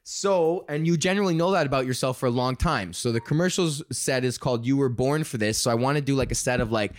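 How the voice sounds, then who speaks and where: A young man hosting a casual solo podcast, rambling and swearing as he pitches ideas and laughs at his own jokes. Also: fast talker, no echo, studio quality. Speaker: podcast host.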